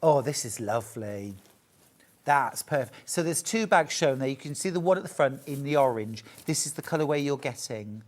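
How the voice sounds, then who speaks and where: A middle-aged woman with a low voice hosts a live shopping channel demonstration. She is chatty and upbeat, full of little jokes and asides as she shows off products. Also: lively intonation, normal speed, darkish tone.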